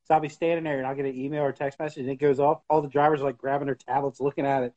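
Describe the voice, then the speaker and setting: A man's voice: medium pitch, level tone, very fast, mellow. A man co-hosting a wrestling podcast, chatting casually and teasing his co-host. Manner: easygoing, teasing banter. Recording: dull lo-fi sound.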